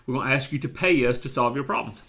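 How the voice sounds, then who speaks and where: A male life coach with a Southern US drawl, talking at a middle pitch. He teaches in an emphatic, motivational way, circling back and repeating key phrases as he goes. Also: fast, sharp tone.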